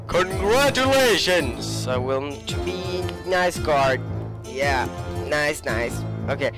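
A man's voice: medium pitch, extremely slow. A young man with a sore throat, rambling through a joking let's play commentary. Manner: rambling, joking asides, self-interrupting. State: sore throat, a bit sick. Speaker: gaming channel host. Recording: game music playing behind.

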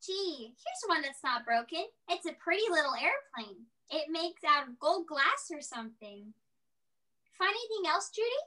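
An excitable young boy full of old-fashioned slang, played by a young actor in a high school stage play. His voice is very high, bright and animated, and he blurts out exclamations. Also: normal speed, exaggerated voice.

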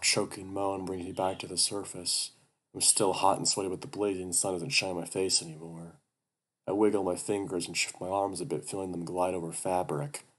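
A man reading a first-person horror story aloud at a steady, even pace. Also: low-pitched, husky. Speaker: audiobook narrator.

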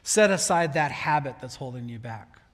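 A man's voice: mid-range voice, expressive, moderate pace. A man preaching a conversational sermon as pastor, often stopping to restart a phrase and acting out heartfelt prayers. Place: church sanctuary. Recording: long church hall reverb.

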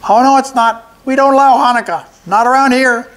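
An older man voicing a tiny, squeaky male goblin in a storybook reading. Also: fairly quick, fairly bright tone. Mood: boastful.

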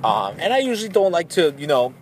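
A man's voice: on the high side, fast talker, slight background noise. A man in his thirties hosting a podcast, telling a casual rambling story with lots of fillers and restarts. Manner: rambling, many fillers and restarts, animated when excited. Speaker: podcast host.

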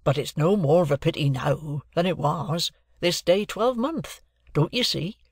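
A man voicing a kindly, slow-spoken middle-aged village blacksmith with plain rustic speech, in a storybook reading. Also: on the high side, husky, no echo, studio quality. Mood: comfortable.

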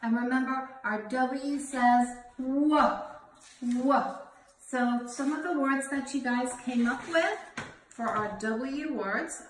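A woman teaching young children a phonics lesson in a slow, sing-song teacherly way, sounding out letters. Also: sits high, slight background noise. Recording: roomy home recording from a distance.

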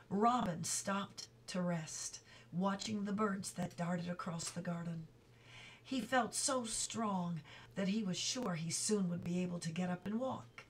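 A woman reading a children's book aloud, slowly and carefully, with small slips she stops to correct. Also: mid-range voice, breathy edge, recorded from a distance, rough recording. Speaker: reader.

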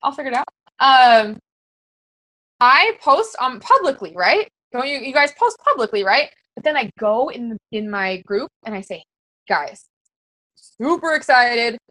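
A woman's voice: high voice, animated, moderate pace, fairly bright tone, dry recording, rough recording. A woman coaching fellow fitness coaches in a casual, very conversational way, full of fillers. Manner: very conversational, chatty with many fillers.

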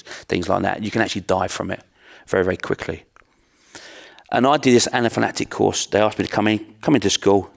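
A man's voice: deep voice, vocal fry. A middle-aged man, a martial arts instructor giving an earnest, plain-spoken storytelling talk. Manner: earnest, plain-spoken, with repeated rhetorical questions.

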